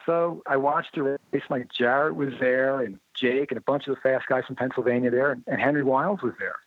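A man's voice: mid-range voice, fairly quick, no room sound. Man telling stories over a phone-like line. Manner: lively storyteller who acts out quoted dialogue. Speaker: interview guest, motorcycle writer. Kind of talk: anecdotal storytelling in an interview. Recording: narrow phone-like line, dry.

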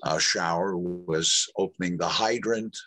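A man's voice: low voice, unhurried, sharp tone, no room sound. An older man, an actor guest, telling rambling stories in an interview, with restarts and quoted dialogue. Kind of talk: anecdotal interview storytelling.

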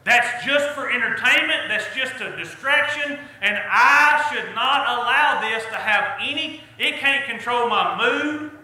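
High-voiced preacher in an echoey hall. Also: male voice, measured pace, hardly any pauses, sharp tone. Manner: folksy, earnest preaching with rising emphasis. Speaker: pastor. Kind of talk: sermon.

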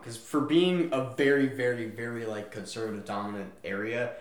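A young man co-hosting a podcast in casual chat, joking and laughing often, now and then shouting out mock quotes. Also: fairly low pitch, expressive, a little fast, few pauses. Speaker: podcast co-host. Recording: echoey room.

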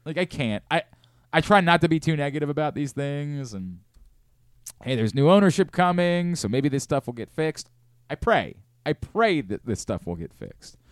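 A man hosting a sports talk radio show, ranting in an animated, exasperated way from a studio. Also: fairly high pitch, normal speed, smooth, dry recording.

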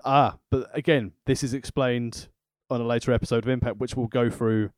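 A man of middle pitch talking through wrestling shows in a measured, wry way. The recording is dry and close to the mic. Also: steady tone, no echo. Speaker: podcast co-host. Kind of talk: casual wrestling recap chat.

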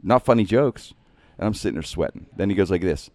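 A middle-aged male host telling a comic story in casual chat. His voice sits fairly low but swings widely in pitch as he acts out the people in it. The sound is close and dry. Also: fairly quick, no echo. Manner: animated, jokey, acts out other people's lines.

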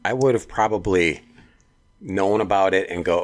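A man with a very low voice talking politics on a casual talk show. He pauses and restarts as he hunts for the right words. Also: fairly even intonation. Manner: halting, searches for words.

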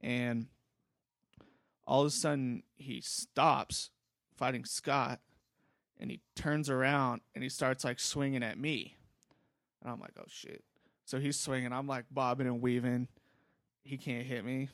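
A man's voice: mid-range voice, level tone, unhurried, pauses often, a bit bright, no echo, studio quality. A young man casually telling a long story, laid-back and rambling, with frequent swearing. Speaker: podcast host.

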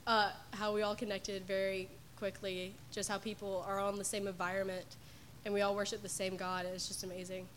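A woman's voice: mid-range voice, little pitch movement, brisk, fairly bright tone, a little hiss or hum. A young woman with a voice that is giving out, sharing a testimony in an emotional, hesitant way.

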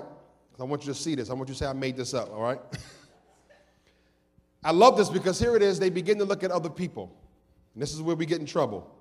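A pastor preaching to his congregation, a man whose voice sits high for a man. He rises into sung, shouted peaks and drops to low, quick asides, and his words ring out with a long reverb. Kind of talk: sermon.

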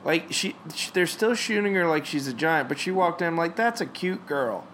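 A young man co-hosting a movie commentary, chatting casually with dry jokes and quick improvised song parodies. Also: a little high, a bit bright, a little hiss or hum. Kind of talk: casual joking chat.

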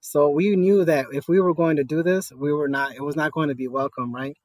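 A man with a fairly high but darkish voice talks briskly and steadily, with no room sound. He's an interview guest, a cannabis store worker building a union, telling his story earnestly and conversationally while peppering it with fillers and "right?".

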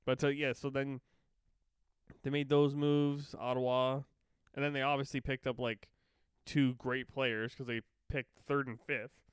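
A man co-hosting a podcast in casual chat, animated and swearing often. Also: medium pitch, a little slow, smooth, dry recording. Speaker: podcast co-host.

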